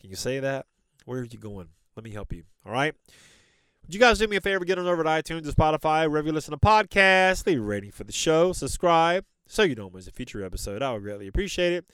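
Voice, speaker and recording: A man hosting a motivational podcast, urging listeners on with rapid strings of rhetorical questions. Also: a little high, big pitch swings, fairly bright tone, clear, resonant tone, no echo. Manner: exhorting, repetitive rhetorical questions. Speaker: podcast host and coach.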